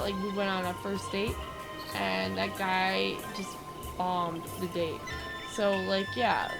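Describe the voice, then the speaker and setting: A young woman hosting a gaming channel, telling a rambling story with lots of filler words and getting animated as she goes. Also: medium pitch, vocal fry. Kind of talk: casual rambling commentary over gameplay.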